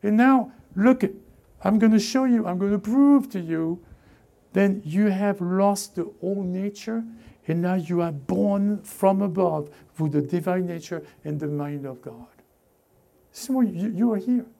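A man preaching a sermon with fervent, repetitive call-and-response urging, swinging between loud exhortation and hushed asides. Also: high voice, a little slow, gravelly.

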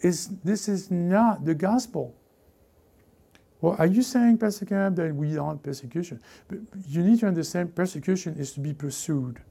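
A male pastor delivers a lively sermon in a mellow, gravelly voice pitched a little high. He acts out the voices he quotes and often restarts his sentences as he preaches. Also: normal speed.

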